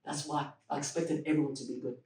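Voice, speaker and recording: High-voiced young man in a roomy echo. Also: quick pace, gravelly. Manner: animated, acts out quoted dialogue, laughs through punchlines; peppers speech with religious expressions. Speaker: podcast guest. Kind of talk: casual storytelling chat. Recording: roomy echo, mic at a distance.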